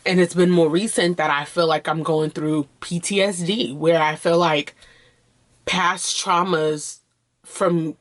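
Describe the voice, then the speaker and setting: A woman's voice: fairly low pitch, fairly even intonation, a little slow. Woman vlogging, talks straight to her viewers, heartfelt and open, lots of ums and restarts. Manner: earnest, open and heartfelt, speaking to viewers directly; loose and conversational, with fillers and restarts. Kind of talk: candid personal vlog talk.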